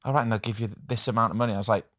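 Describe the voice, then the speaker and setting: A man hosting a casual chat show, telling animated stories with laughter and some swearing. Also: fairly low pitch, racing, dry recording, clean studio sound. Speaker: podcast host.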